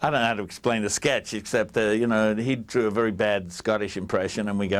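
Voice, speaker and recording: An older man, answering interview questions with animated stories, laughing and acting out the voices of people he quotes. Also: fairly low pitch, brisk, hardly any pauses. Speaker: interviewee, writer on a TV special. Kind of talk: anecdotal interview storytelling.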